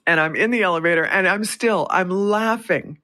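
A woman's voice: lowish voice, normal speed, pushed and bright. A woman radio host from Canada, chatty, telling a story and laughing often between phrases. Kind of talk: storytelling on a call-in radio show.

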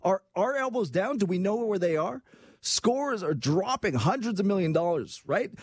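A man hosting a radio talk show, talking in an energetic, rambling way. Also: high-pitched, moderate pace, no echo, clean studio sound. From Canada. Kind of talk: fast casual radio talk.

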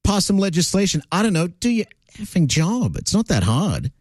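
A man's voice: sits high, wildly swooping pitch, normal speed, darkish tone, dry recording. A man hosting a talk radio show, opinionated and sardonic, with lots of "uh" fillers. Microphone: studio broadcast mic.

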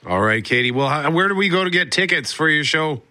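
Bright-voiced radio host. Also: male voice, fairly high pitch, expressive, brisk, dry recording. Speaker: radio morning show host. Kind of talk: live radio interview.

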